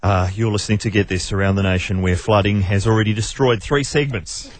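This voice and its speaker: A man's voice: fairly low pitch, steady tone, fairly quick. A man hosting a radio show, bantering in a dry, wry, joking way.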